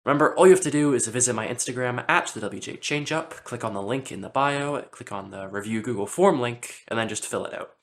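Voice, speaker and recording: A teenage boy hosting a school podcast in an upbeat, chatty way, sometimes speeding up and sometimes slowing down. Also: mid-range voice, fairly bright tone. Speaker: podcast host. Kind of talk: casual podcast chat.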